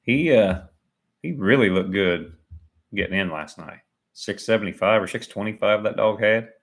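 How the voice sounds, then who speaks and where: A man speaks at a moderate pace with a fairly low pitch, providing live commentary on a sporting event for a livestream. His manner is chatty and playful, and he often laughs at himself.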